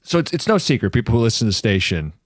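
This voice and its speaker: A man co-hosting a radio show, telling stories in a teasing, animated way. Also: mid-range voice, very fast, no room sound, studio quality. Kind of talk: casual sports radio banter.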